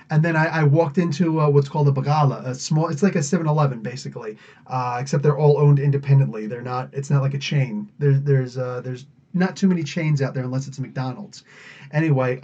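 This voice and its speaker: A man's voice: on the high side, a little mellow. A man from the United States hosting a podcast, chatting casually in a rambling way and laughing often. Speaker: podcast host. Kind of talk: casual live Q&A chat. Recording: dull lo-fi audio.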